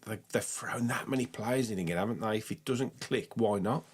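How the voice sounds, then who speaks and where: A man's voice: fairly low pitch, fairly quick, breathy edge. A man with a Black Country accent hosting a fan phone-in show, chatty and enthusiastic with callers. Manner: chatty and enthusiastic, says mate a lot. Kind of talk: casual phone-in chat.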